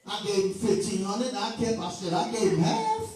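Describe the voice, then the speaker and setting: His darkish voice sits high and swoops wildly in pitch, at a moderate pace. The man preaches with fervour, mixing sing-song chanting with jokes for the congregation. It's captured from far off in an echoey room, with music playing.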